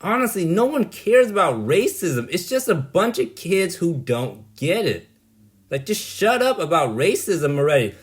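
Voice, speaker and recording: A man with a somewhat high voice rambles through a monologue at an unhurried pace. His pitch swings widely as he talks in a blunt, exasperated way, tossing in "right?" and "like" again and again. He sounds dismissive. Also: very animated. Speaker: vlogger.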